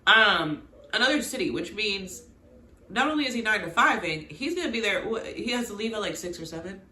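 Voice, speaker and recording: Animated woman recapping in an echoey room. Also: mid-range voice, fairly quick, slight background noise. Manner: animated, exclaiming, talks to viewers as "girl" and "y'all". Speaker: recap channel host. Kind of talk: casual TV recap commentary.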